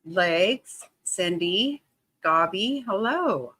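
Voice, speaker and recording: A woman hosting a casual livestream, greeting her viewers by name in a bubbly, excitable way and laughing often. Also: medium pitch, very slow, rough recording. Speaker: livestream host.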